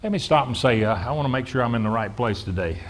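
A man's voice: medium pitch, animated, normal speed, slight background noise. A man preaching a sermon to his congregation, calling on them to answer back and often repeating words as he builds his points. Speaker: pastor. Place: church sanctuary.

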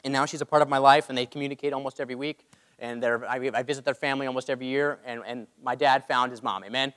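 A man's voice: mid-range voice, fairly even intonation, fast talker, a bit bright. A man telling a personal story in an earnest sermon and calling out to the congregation for amens. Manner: earnest, calls for amens from the crowd. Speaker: preacher. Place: church hall. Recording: long reverb of a large hall.

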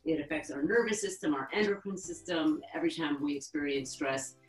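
A woman yoga therapist teaching a webinar lesson, calmly guiding breathing exercises and counting breaths. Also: low voice, reverberant, faint music behind, poor audio. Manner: calm, instructive, counts breaths slowly.

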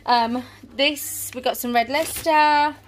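A woman's voice: sits high, fairly even intonation, measured pace, a little hiss or hum. A woman in her thirties chatting casually through a grocery haul at home, rambling and trailing off as she goes. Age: 30s. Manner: chatty, rambling, often trails off mid-sentence. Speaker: family vlogger. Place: family home, indoors.

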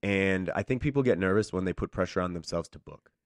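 A man's voice: low-pitched, fast talker, no room sound. A man, an actor guest on a radio show, telling stories casually and acting out the voices of the people in them. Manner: animated, acts out quoted voices. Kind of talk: casual storytelling.

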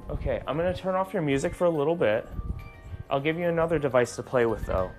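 A man's voice: fairly high pitch, quick pace, soft background music. Jumpy ghost-hunting man coaxing a spirit. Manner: soothing, reassuring talk to an unseen spirit; jumpy, startled outbursts. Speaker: paranormal investigator. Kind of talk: ghost-hunting vlog commentary. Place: indoors in an old house at night.

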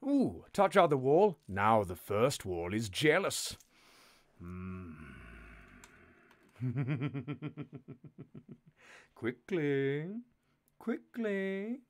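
A man's voice: medium pitch, very animated, extremely slow, long pauses. A man hosting a live text adventure game, narrating in a sardonic, mock-menacing, sweary way.

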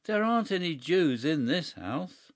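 A man's voice: mid-range voice, big pitch swings, normal speed, gravelly, no echo, clean studio sound. A man reading a story aloud, voicing a flustered, indignant middle-aged country squire who protests in alarm. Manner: agitated, protesting, stammering.

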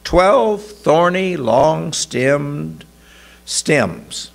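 Man putting on an upbeat older husband, high and hearty, gravelly edge, slow storytelling. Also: expressive, full character voice. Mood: cheerful.

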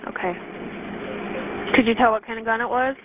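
A woman working as an emergency dispatcher, asking short, brisk, businesslike questions on a call. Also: a little high. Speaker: 911 dispatcher. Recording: tinny phone line with steady hiss.

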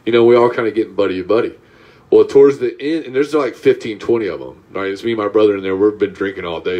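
A man's voice: on the low side, quick pace, dark tone, highs cut off. A man from Georgia hosting a podcast, telling a sports story in a laid-back, casual way. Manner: laid-back, says "dude" and "right?" often. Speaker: podcast host. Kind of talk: casual chat.

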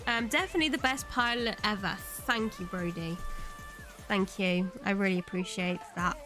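A woman's voice: medium pitch, moderate pace, over music. A woman from Italy chatting on a live gaming stream, hesitant, with many ums and restarts. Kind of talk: casual live-stream chat while gaming.

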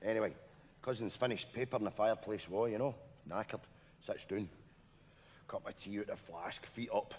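A man's voice: fairly low pitch, normal speed, husky, long reverb tail. Scottish man telling a spooky tale. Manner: hushed, spooky storytelling. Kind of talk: live sketch comedy.

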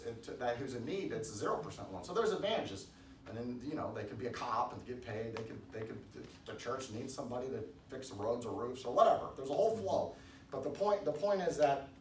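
A man preaching a casual sermon in a church, rambling with restarts and loud emphatic bursts. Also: medium pitch. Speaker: pastor. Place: church hall. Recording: echoey room, distant mic, faint background noise.

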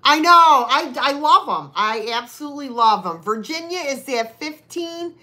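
Selling live online, a woman with a high, sharp-toned voice chats casually with her buyers at a normal speed, sounding animated. She keeps slipping into rambling, self-deprecating asides throughout the live-stream selling chat.

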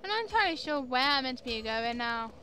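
A young woman commenting chattily on her own gameplay, quick to exclaim and laugh. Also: high voice, very animated, sharp tone, slight background noise. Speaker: gamer. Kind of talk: let's play commentary.

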